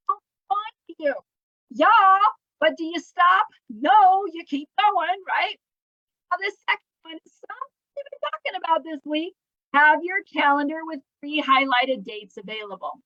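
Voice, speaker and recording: A woman's voice: high-pitched, sharp tone, no room sound, dull audio. A woman leading a live team training for her jewelry business, upbeat and chatty, asking rhetorical questions and answering them herself.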